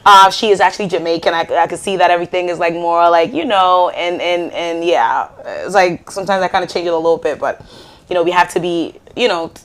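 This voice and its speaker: A woman from Ghana hosting a live call-in show, chatting casually, laughing and reading out viewer comments and shout-outs with many fillers. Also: fairly low pitch, a little fast.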